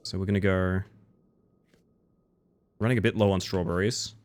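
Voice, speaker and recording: A man live-streaming a game, chatting playfully with viewers, giggling and jumping into silly squeaky bits. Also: steady tone, moderate pace. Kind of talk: live-streamed gameplay chat.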